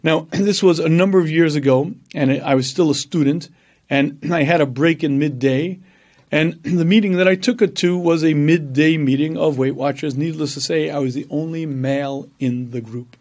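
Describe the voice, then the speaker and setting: Animated man lecturing with throat clearing. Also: fairly high pitch, normal speed. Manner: animated storytelling, acts out voices, frequent throat clearing. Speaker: rabbi and lecturer. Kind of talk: Torah lecture.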